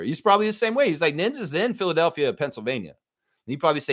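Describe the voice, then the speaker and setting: A man's voice: fairly high pitch, sing-song, quick pace, a bit bright. A man hosting a livestream, ranting heatedly and profanely about sports and repeating himself for emphasis. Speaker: live stream host reading chat. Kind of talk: ranting live stream commentary.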